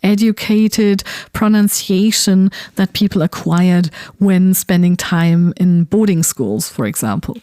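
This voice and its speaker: A woman's voice: fairly low pitch, slow pace, hardly any pauses, dark tone, dry recording, clean studio sound. German-born woman explaining on a podcast. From southern Germany. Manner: thoughtful, explanatory, with ums and repeated words. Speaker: podcast co-host. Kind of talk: casual conversational podcast talk.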